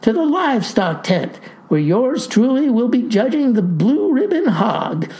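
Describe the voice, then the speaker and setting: A woman's voice: a little high, very animated, measured pace, warm tone, pitched above the performer's own voice. A woman voicing an eccentric older male farmer who talks in a breezy, folksy and innocent-sounding way.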